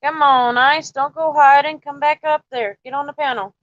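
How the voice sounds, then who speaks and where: A fairly high-voiced woman with a drawl hosts a casual live stream, coaxing and teasing her viewers. The sound is dry and a bit muffled, as if from a basic mic. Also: fairly even intonation, moderate pace, a bit bright, dry recording. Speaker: livestream host.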